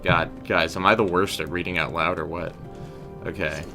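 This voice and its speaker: A man's voice: low-pitched, steady tone, normal speed, creaky, over music. A young man casually commenting while playing a game, chatting with viewers and joking. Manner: chatty, addresses chat as guys, slangy. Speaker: game streamer. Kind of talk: casual let's-play commentary.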